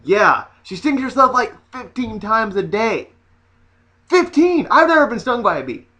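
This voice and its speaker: A man vlogging in a casual comedic rant, sassy and animated with mocking asides. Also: high-pitched, normal speed.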